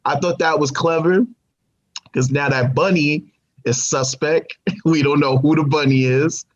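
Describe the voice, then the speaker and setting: Male co-host, higher voice, energetic casual reviewer, lo-fi recording. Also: measured pace. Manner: animated, laughs often, repeats himself. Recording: dull lo-fi audio.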